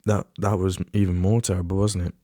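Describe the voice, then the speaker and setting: A man's voice: sits low, flat delivery, a little fast, warm tone, no room sound, clean studio sound. A man hosting a solo podcast in a casual, rambling way, often restarting and trailing off into asides. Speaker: podcast host.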